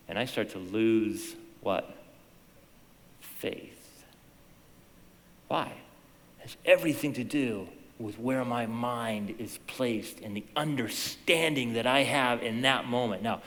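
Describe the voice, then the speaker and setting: Animated male pastor in a reverberant hall. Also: mid-range voice. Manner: animated storytelling, swinging between hushed and loud. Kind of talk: sermon. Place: church sanctuary.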